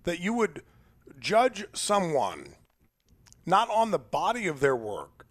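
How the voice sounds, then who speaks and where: Lively chatty male radio host. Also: sits high, slow pace. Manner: chatty, opinionated, stumbles and repeats words. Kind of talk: casual morning radio banter.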